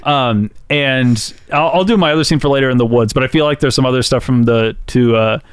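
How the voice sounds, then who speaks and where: A man's voice: medium pitch, brisk, clear, resonant tone, dry recording. A man co-hosting a casual chat, telling his part loosely with restarts. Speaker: podcast co-host.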